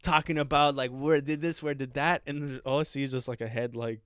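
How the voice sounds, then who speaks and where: A man's voice: medium pitch, steady tone, brisk, a bit bright, clean tone, no room sound, studio quality. A young adult man co-hosting a comedy podcast, telling a story in a rambling way, with many restarts and bursts of laughter. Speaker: podcast co-host.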